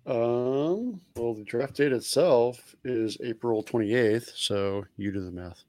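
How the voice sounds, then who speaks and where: A man's voice: mid-range voice, slow, darkish tone, no room sound. Wisecracking male co-host, dry sound. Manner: wisecracking, chiming in. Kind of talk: casual live-stream chat.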